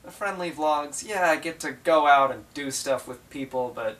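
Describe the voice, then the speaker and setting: A man's voice: normal speed, hardly any pauses, fairly bright tone, recorded from a distance. Playful young male vlogger. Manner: playful, bickering with himself, jumps into higher voices. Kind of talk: comedic solo vlog.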